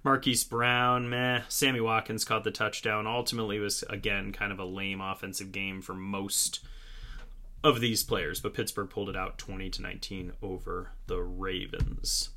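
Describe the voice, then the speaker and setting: A man's voice: fairly low pitch, level tone, normal speed, pushed and bright, a little hiss or hum. A man hosting a solo fantasy football recap in a casual way, with wry, sarcastic asides. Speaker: fantasy football podcast host.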